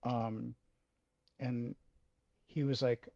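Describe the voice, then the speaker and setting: Gravelly man telling a raw personal story. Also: medium pitch, steady tone, no room sound, highs cut off. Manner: halting, emotional, swears freely. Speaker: video host.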